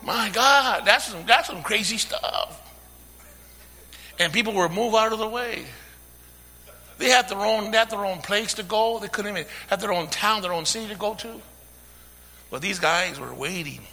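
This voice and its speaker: Male preacher, very bright and sharp tone, call-and-response sermon, hushed to shouting, long church reverb. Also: sits high, normal speed, long pauses. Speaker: pastor.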